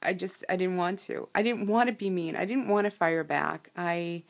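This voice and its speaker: A young woman vlogger recounting a personal story, halting and emotional, with many ums and restarts. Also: lowish voice, vocal fry.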